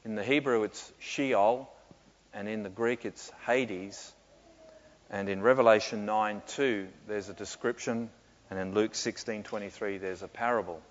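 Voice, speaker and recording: A man answering questions in a sermon, reflective and often pausing with fillers and soft laughs. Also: lowish voice, steady tone. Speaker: pastor. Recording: muffled with long hall reverb.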